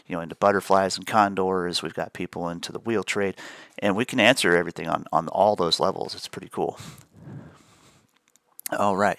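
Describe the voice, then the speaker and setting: A man's voice: low voice, gravelly, a bit bright, no echo. A man hosting a live trading stream, chatting casually and rambling with repeated words and easy laughs.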